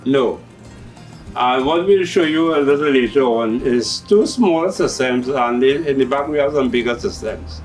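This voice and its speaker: A man's voice: medium pitch, moderate pace, soft background music. Trinidadian man explaining hydroponics, a bit distant. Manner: explanatory, patient, uses local turns of phrase. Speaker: hydroponics shop owner. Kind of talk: explaining on a farm TV show.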